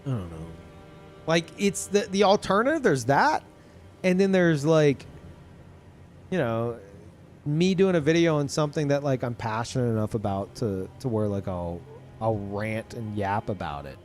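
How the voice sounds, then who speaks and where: A man's voice: mid-range voice, expressive, moderate pace, soft background music. Rambling, foul-mouthed male streamer. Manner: rambling, swearing, restarts sentences often. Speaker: livestreamer. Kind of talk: casual chat to a live audience.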